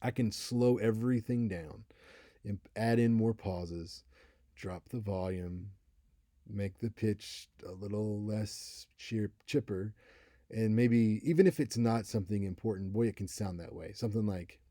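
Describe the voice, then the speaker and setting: Guy in his 30s teaching a class, laid back, really dark mellow voice, dead dry sound. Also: lowish voice, measured pace, no room sound. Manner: casual, conversational, acts out example voices. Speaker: college instructor. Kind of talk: recorded lecture.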